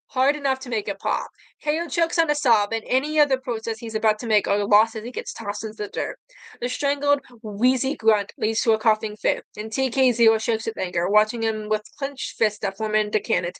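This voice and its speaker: A woman's voice: a little high, moderate pace, a bit bright, dry recording, poor audio. A woman reading fan fiction aloud at home in her bedroom, earnest, with some stumbles and repeated words. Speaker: story reader.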